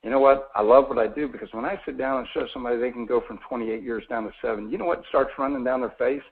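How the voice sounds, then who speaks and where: This is a Florida man in his forties selling mortgages on a conference call in a folksy, persuasive way, with frequent questions to his audience. He talks quickly in a mid-range voice, and the phone-line sound is tinny.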